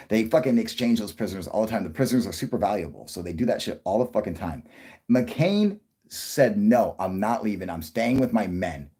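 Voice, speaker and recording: Male vlogger, low and husky, profane and rambling, animated storyteller. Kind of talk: casual rant to camera.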